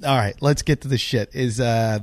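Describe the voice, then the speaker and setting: A man's voice: medium pitch, moderate pace, no room sound. A middle-aged man hosting a casual podcast chat, telling stories with plenty of swearing. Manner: animated storytelling, swears freely. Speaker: podcast host.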